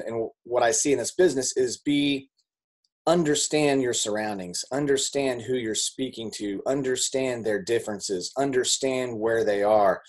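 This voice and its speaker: A network marketing speaker delivers a casual motivational talk to a group in a conversational style, with lots of fillers and repetition. When quoting people, he acts them out, his pitch suddenly leaping.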